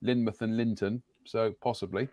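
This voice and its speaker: A man hosts a relaxed live-stream chat from a home studio. His voice is a little croaky tonight, and he rambles on in a friendly, jokey way. The sound is close and dry. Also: fairly low pitch, moderate pace, no echo. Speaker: host.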